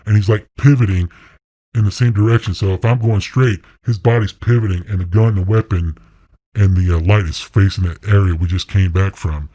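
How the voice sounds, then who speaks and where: Deep-voiced middle-aged man telling a story. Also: normal speed, no echo. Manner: excited, blunt, swears freely. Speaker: interview guest, deer hunter. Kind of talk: casual storytelling.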